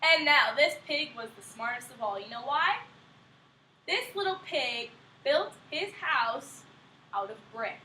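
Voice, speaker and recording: A woman reads a storybook aloud in an animated, expressive way, her high voice bright and swooping. She sounds distant and echoey, as if recorded from across a room, with faint ambience behind her. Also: measured pace, a little hiss or hum. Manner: animated and expressive, laughing along with listeners. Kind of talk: reading a picture book aloud.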